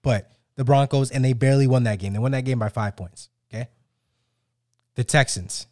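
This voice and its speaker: Male co-host, animated ranter, mid-pitch, dry booth sound. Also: normal speed, no room sound. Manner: animated, ranting, many restarts. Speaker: sports podcast co-host. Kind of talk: casual sports banter.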